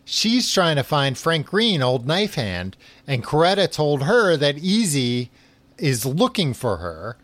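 A man's voice: a little high, big pitch swings, slow, fairly bright tone, dry recording. Tired male podcast host rambling through a plot recap, dry close sound. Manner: rambling, filler-heavy retelling. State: tired and yawning. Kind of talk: casual book recap chat.

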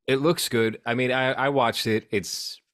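A man's voice: mid-range voice, fairly even intonation, unhurried, a bit bright, no echo. A man hosting a podcast, chatting casually about films with dry humor. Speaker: podcast host. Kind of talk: casual film chat.

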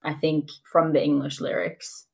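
A woman's voice: sits low, flat delivery, normal speed, creaky. A woman co-hosting a podcast, chatting casually, laughing often and slipping into quoted asides. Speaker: podcast co-host. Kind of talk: casual chat.

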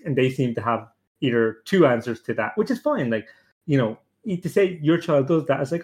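A man's voice: mid-range voice, a little fast. A young man hosting a casual podcast panel chat, talking bluntly, swearing a lot and mocking other parents in put-on voices. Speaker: podcast host.

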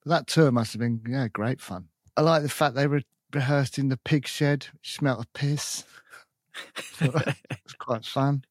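A man's voice: mid-range voice, fairly even intonation, takes it slowly, no room sound, studio quality. A man hosting a podcast, chatting enthusiastically in a casual, upbeat way. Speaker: podcast host. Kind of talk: casual chat.

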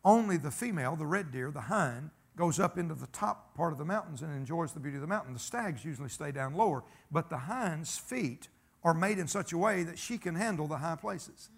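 A man's voice: on the high side, expressive, fairly quick, creaky, husky. A man preaching a sermon, folksy and emphatic, telling stories and calling for amens. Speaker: pastor.

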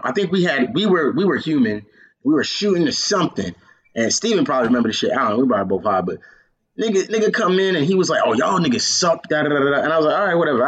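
Young male podcast host from Georgia, swears freely, lively anecdotes, voice a touch high. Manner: animated storytelling, profane, laughs often. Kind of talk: casual chat.

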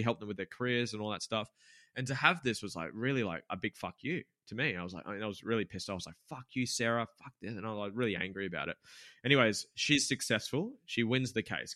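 Young man, podcast guest, bright forceful voice, low pitch, dry close sound, sweary, rambling. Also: no echo. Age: 20s. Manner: candid, swears freely, rambling with fillers. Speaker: podcast guest, gym business owner. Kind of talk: casual podcast storytelling.

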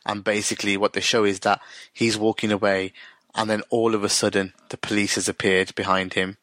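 A man's voice: on the low side, level tone, fairly quick, fairly bright tone, dry recording. A man casually retelling a TV episode, full of restarts and acted-out dialogue. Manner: rambling retelling with frequent restarts and quoted dialogue. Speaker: co-host recapping a TV episode. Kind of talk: casual chat.

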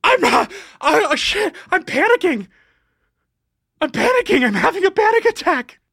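Woman doing a pompous rambling pizza guy, lively swoopy voice, dry close sound. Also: on the high side, normal speed, dry recording. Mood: panicky. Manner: rambling, panicky, mock-pompous lecturing. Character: flustered male pizza delivery man, pompous.

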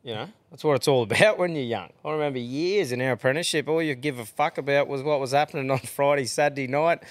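A laid-back Australian man hosting a casual chat, swearing freely as he talks. His voice sits in an ordinary middle pitch and sounds dry and close to the mic. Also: fast talker, no echo. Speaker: podcast host.

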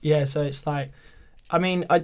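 A man's voice: fairly high pitch, fairly even intonation, moderate pace. A young British man telling a story in casual chat as a podcast guest, full of filler words and restarts. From Britain.

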